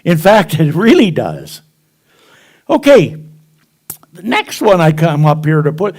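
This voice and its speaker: A man's voice: a little high, huge pitch swings, slow pace, long pauses, darkish tone. A man preaching a sermon, telling stories to a congregation and acting out the dialogue with chuckles along the way. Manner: storytelling, acts out dialogue, chuckles. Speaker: minister. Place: spiritual center congregation.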